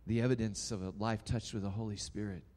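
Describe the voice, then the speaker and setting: A man preaching a sermon, telling a story dramatically and swinging between loud and hushed. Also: on the low side, steady tone, quick pace, a little hiss or hum.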